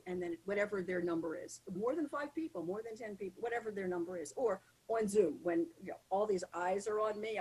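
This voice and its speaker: On a rough recording, a woman with a husky, medium-pitched voice talks at a moderate pace. She appears as a podcast guest coaching public speaking, speaking with lively emphasis and acting out people's inner voices during the interview.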